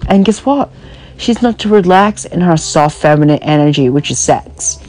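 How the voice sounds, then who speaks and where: A woman's voice: on the low side, animated, normal speed, a little mellow, poor audio. A woman hosting a podcast over the phone in a blunt, profane casual rant, packed with "you know" and "like," her voice worn out from talking. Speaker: podcast host.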